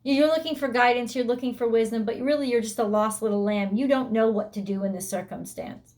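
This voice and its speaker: Woman doing a tarot reading, kinda high voice, blunt, swears a lot, very emphatic. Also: brisk, darkish tone. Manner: blunt and emphatic, swears freely, voices the listener's inner thoughts. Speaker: tarot reader.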